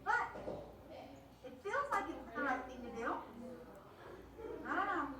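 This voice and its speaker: A woman, a mother on a discussion panel, talking emphatically and in exasperation, acting out what others say in animated voices. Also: high voice, normal speed, crowd noise. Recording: echoey room, distant mic, noisy.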